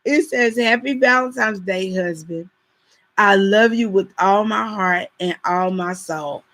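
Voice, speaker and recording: Slow, bright-voiced woman chatting live. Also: medium pitch, rough recording. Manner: chatty, addresses viewers directly. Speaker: live-stream host. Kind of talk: casual live-stream chat, reading cards aloud.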